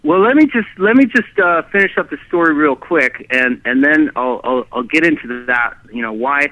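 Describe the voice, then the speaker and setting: A man telling his own story as a guest, halting and animated, with many restarts and fillers. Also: fairly high pitch, no echo. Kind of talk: rambling first-person storytelling. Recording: dry tinny phone line.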